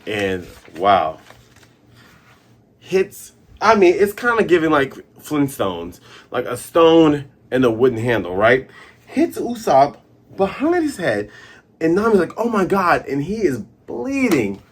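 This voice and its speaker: A man hosting a casual comic recap, animated, breaking into sound effects and character voices. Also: on the high side, takes it slowly, husky. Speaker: comic reviewer and host.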